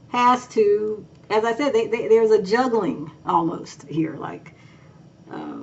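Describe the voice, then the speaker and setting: A woman's voice: on the high side, dull audio. A woman giving a casual tarot card reading, rambling and thinking aloud with many fillers and restarts. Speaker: tarot reader.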